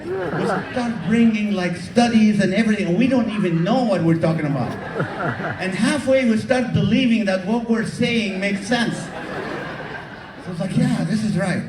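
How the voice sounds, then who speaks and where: A man doing stand-up comedy, teasing the audience in an animated way, recorded live from the crowd. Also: high-pitched, normal speed, distant mic. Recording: echoey hall taped from the audience. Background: audience laughter.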